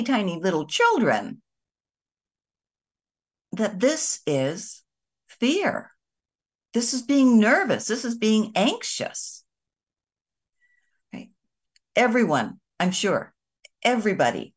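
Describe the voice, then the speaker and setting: A woman with a lower-pitched voice hosts a show about kindness and energy. She speaks to viewers in a gentle, conversational, reflective way, adding soft emphatic asides.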